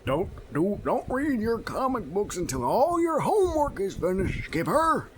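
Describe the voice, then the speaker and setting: A man's voice: high-pitched, big pitch swings, moderate pace, voice pushed up. A man voicing a stern, strict father who nags his son about homework. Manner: bossy, nagging. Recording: noisy home recording.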